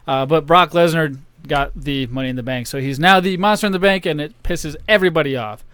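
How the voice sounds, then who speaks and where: High-voiced man hosting a jokey podcast. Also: fairly bright tone, smooth, no echo. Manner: jokey, rapid recap of match results. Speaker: podcast host. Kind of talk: casual podcast chat with wrestling recap.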